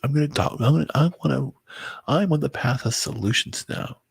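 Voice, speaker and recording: A very tired man talking to his viewers in a halting personal monologue, often stumbling and restarting his words. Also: medium pitch, gravelly, husky, dry recording. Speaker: vlogger. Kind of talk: rambling personal monologue to camera.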